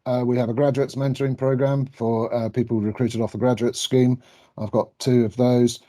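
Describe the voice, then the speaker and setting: British male panel speaker, mellow monotone, halting delivery. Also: mid-range voice. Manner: hesitant, many fillers and restarts. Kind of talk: online webinar answer.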